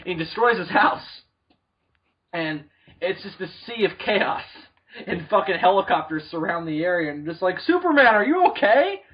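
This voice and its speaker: A young man chatting on a comedy podcast, crude and excitable, breaking into loud acted-out yells. His voice sits a little high. The recording sounds dull and lo-fi. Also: moderate pace, breathy edge. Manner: crude, excitable, acts out scenes in yelling voices. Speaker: podcast co-host. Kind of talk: casual comedic chat.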